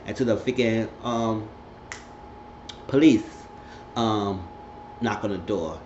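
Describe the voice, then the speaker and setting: A man vlogs a casual, rambling recap, repeatedly slipping into voices for the characters. He speaks slowly with frequent pauses in a lowish, slightly mellow voice, and the roomy lo-fi home recording has slight background noise.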